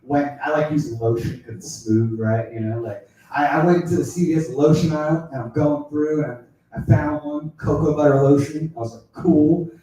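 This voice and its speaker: A man in the middle of a stand-up routine, rambling through a crude story with endless fillers. His fairly high voice comes from some distance off the mic and rings through a very echoey room. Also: big pitch swings, normal speed, dark tone. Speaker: stand-up comedian. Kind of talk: stand-up set.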